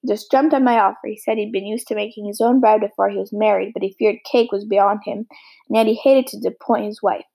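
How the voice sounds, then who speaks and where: A woman reading a classic novel aloud as an audiobook, steady with small slips. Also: mid-range voice, fast, creaky, husky, rough recording. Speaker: audiobook reader. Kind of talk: storybook reading.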